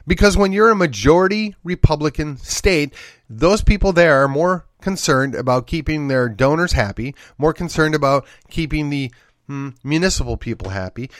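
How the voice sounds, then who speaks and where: A man's voice: on the high side, dry recording, clean studio sound. A middle-aged man from Texas hosting a political commentary podcast, talking emphatically in a monologue, firing off rhetorical questions and repeating his points. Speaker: podcast host.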